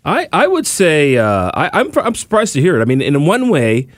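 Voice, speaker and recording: A man's voice: a little high, wildly swooping pitch, moderate pace, dry recording, studio quality. A man co-hosting a podcast in casual chat, agreeable and hedging, often repeating his words. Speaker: podcast co-host.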